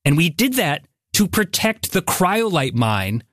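A male podcast host with a high, somewhat bright voice tells a scripted story with banter, very animated though keeping a measured pace. Curious and conversational, he uses fillers frequently, and the clean studio sound has no echo.

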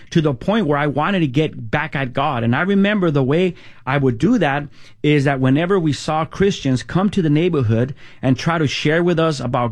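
A man recounts his past in a spoken testimony, his voice set slightly higher than most men's. He stumbles and restarts often, and he slips into casual street talk whenever he quotes his friends. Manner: halting, many restarts and fillers, quotes friends in street slang. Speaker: testimony speaker. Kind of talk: personal testimony storytelling.

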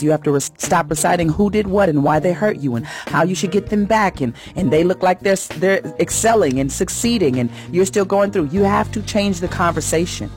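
Woman radio host, earnest and preacherly, faint music underneath. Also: on the low side. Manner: warm, earnest, preacherly, rising in emphasis. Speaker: radio host giving a faith message. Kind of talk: inspirational radio talk.

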